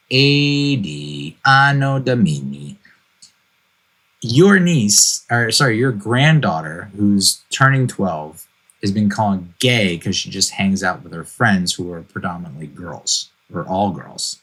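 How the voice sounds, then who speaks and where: Podcast host, male, 40s, husky lower voice, lively and exasperated storytelling. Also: rough recording. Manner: animated, exasperated, jokey asides. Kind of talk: casual storytelling monologue.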